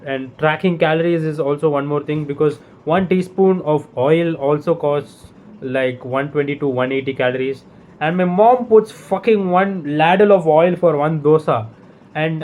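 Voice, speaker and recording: Young man ranting, fairly high voice. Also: a little mellow. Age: young adult. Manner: rambling, profane, exasperated. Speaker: vlogger. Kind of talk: casual rant to camera.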